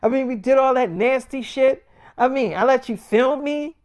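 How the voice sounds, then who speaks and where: A man's voice: extremely high pitch, a little mellow, smooth, voice pushed up. A man voicing an angry, jealous young girlfriend who swears and confronts her boyfriend. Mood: angry, upset. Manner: profane, confrontational, rapid complaints.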